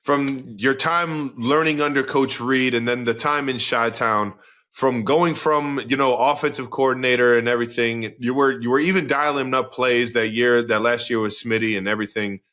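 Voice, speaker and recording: A man's voice: medium pitch, fairly even intonation, moderate pace, sharp tone. A man in his thirties co-hosting a podcast. He tells stories and asks questions in a loose, rambling way. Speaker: podcast co-host. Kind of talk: casual podcast chat.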